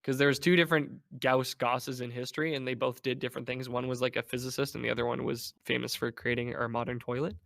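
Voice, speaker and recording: A man chatting casually as a guest on a podcast, animated and playful, slipping into mock voices. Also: mid-range voice, quick pace, gravelly, hardly any pauses. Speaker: guest, game developer.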